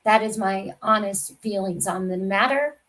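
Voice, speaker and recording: A woman hosting a casual livestream chat who talks in a soft, rambling way and often trails off. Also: mid-range voice, normal speed, poor audio. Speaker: livestream host.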